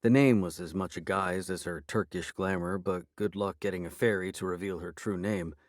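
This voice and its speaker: A man reading a first-person fantasy novel aloud, in even, dry storytelling on a close microphone. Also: low voice, moderate pace, no room sound. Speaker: audiobook narrator. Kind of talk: first-person fiction narration.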